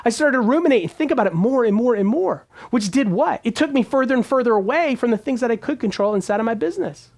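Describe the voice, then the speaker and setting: Emphatic man coaching with lively pitch. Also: quick pace, hardly any pauses. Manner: emphatic, repeats phrases and asks rhetorical questions. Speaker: business coach. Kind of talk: motivational talk to camera.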